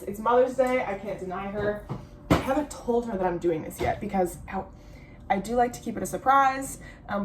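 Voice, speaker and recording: A woman's voice: mid-range voice, a little hiss or hum. A young woman chatting casually and rambling, swearing freely as she shows yarn and dyes it at home. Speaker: vlogger, yarn dyer.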